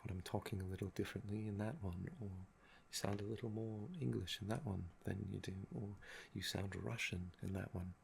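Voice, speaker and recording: A young man with a gravelly, fry-laden voice, talking in a soft-spoken ASMR chat that meanders and trails off. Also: lowish voice, fairly even intonation, fairly quick, hardly any pauses, a little hiss or hum. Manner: meandering and musing, often trailing off with "um". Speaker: ASMR channel host.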